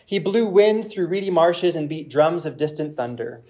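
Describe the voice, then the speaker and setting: A man preaching, reading a reflective passage aloud in a measured way with pauses. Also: on the high side, animated, a little mellow. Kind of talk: sermon with read-aloud passage.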